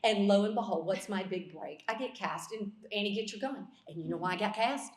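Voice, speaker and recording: A woman from South Carolina with a Southern accent, hosting a festival panel in a lively, emphatic way that keeps checking in with the audience. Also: medium pitch, brisk. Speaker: panel host. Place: festival venue. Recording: roomy hall sound.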